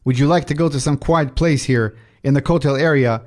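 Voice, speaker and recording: A man's voice: mid-range voice, a little fast, darkish tone. Male preacher, rabbi, ministry update, reading verses aloud. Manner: preaching, reads scripture aloud. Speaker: Messianic rabbi.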